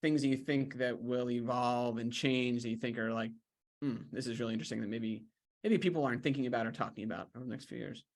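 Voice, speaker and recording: A man's voice: mid-range voice, quick pace. A man hosting a casual interview who talks in an easygoing, affirming way with frequent fillers. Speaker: host.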